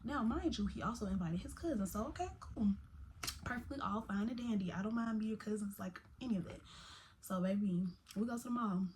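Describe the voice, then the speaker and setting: Young woman, casual storytime vlogger, lively slangy delivery, slight background hiss. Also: mid-range voice, fairly quick. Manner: chatty, animated, Southern-tinged slang like "baby" and "y'all".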